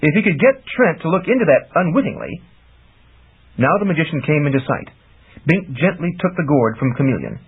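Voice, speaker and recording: A man narrating a fantasy audiobook in a lively, expressive reading, heard over tinny phone-like audio. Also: on the high side, a little fast, slightly rough.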